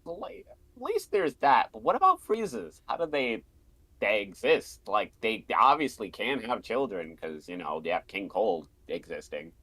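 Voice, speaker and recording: Animated man in excitable chat. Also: moderate pace, breathy edge. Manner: excitable, jumps in pitch, laughs often. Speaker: streamer. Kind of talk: casual chat.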